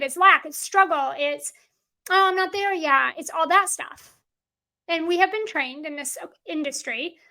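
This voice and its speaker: A woman's voice: high voice, pushed and bright. A woman business coach teaching a masterclass in an emphatic, repetitive way, often acting out what clients say to her.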